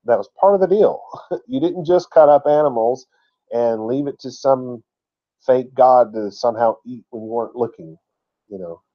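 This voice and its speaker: Man, bible teacher, folksy chatty lesson, mid-pitched voice, dull lo-fi sound. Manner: folksy and chatty, laughs at his own asides. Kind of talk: word-by-word scripture lesson.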